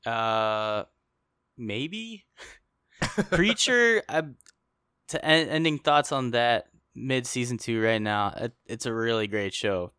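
A man's voice: medium pitch, animated, slow pace, pushed and bright, smooth, no room sound, studio quality. A young man co-hosting a podcast, chatting casually in a rambling, jokey way and laughing often. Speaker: podcast co-host. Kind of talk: casual chat.

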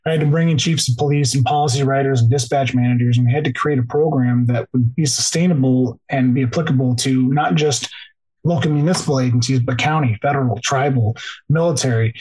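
Husky man telling a story, full of "like". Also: mid-range voice, steady tone, brisk, a little mellow, poor audio. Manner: heavy use of "like", restarts, tearful. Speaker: podcast guest, police officer. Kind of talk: emotional storytelling.

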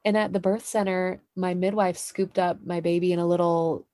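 A woman hosting a podcast, talking in a relaxed way with many "you know" fillers. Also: on the low side, normal speed, dry recording. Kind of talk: casual interview chat. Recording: dry close sound.

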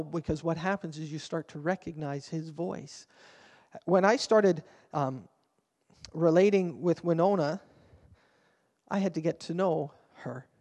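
A man in his fifties, a pastor preaching a sermon with an animated storytelling manner, swinging between quiet and loud. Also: on the high side, big-room sound.

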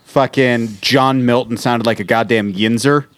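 A man's voice: medium pitch, steady tone, unhurried, dry recording. Man, sardonic podcast banter, cussing, dry close-miked sound. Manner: sardonic, swears, jokey tangents. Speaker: podcast co-host. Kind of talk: casual comedic chat.

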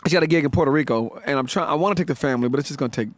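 Guy comedian on a podcast, talks real quick, dry close mic. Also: fairly high pitch, no room sound. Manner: fast, animated storyteller. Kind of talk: casual comedic chat.

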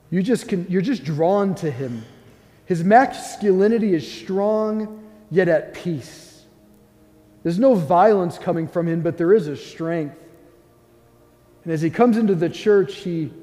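A man preaching as a priest in a church, earnest and gentle, telling a story and then guiding the listeners in prayer with soft pauses. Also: a little high, in a large hall. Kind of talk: sermon with guided prayer.

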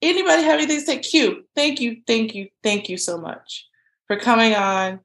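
A woman co-hosting a casual podcast, chatty and quick to laugh, with lively asides. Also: a little high. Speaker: podcast co-host.

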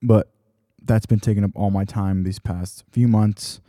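Man, solo podcast host, very dark mellow voice, lowish pitch, rambling casual talk, dry close sound. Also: fairly even intonation, a little slow, no echo. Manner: rambling, self-correcting.

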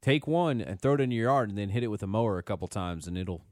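A man with a low voice joins a casual radio chat, firing off blunt, folksy remarks at a fast clip. The sound is dry and close-miked. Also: animated, a little mellow, no echo. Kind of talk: casual talk radio banter.

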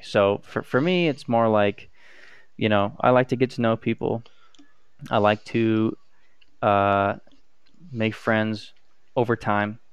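Hesitant young man, smooth and dry. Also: medium pitch, no room sound. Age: young adult. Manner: hesitant, halting, with many restarts. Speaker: student. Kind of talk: casual chat.

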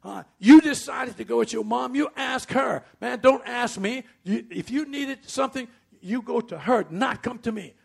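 A man's voice: extremely high pitch, moderate pace, creaky, hardly any pauses, slightly rough, pitched above the performer's own voice, heavily acted. A preacher putting on a harsh, angry father. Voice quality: raised and scolding. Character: harsh angry father scolding his young daughter.

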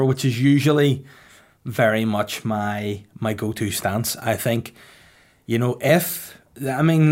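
A man, hosting a casual podcast chat with dry, deadpan banter. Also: medium pitch. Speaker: podcast host.

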